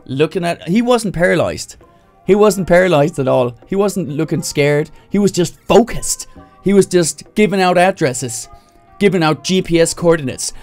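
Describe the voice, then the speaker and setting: A man from Denmark telling a stand-up story live, animated, jumping into loud high yelling voices for the people he quotes. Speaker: stand-up comedian. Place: indoors, livestream.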